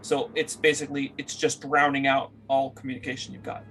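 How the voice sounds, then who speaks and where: A man's voice: medium pitch, level tone, brisk, gravelly, fairly bright tone, faint music behind. A man narrating as game master for a tabletop game, rambling with many fillers as he searches for words.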